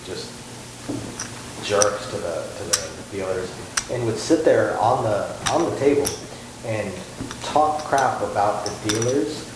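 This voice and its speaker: A low-voiced man tells a casual story with an easygoing, halting manner. His voice rings out in a very echoey room, and clear background noise runs behind him. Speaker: podcast co-host, former casino dealer.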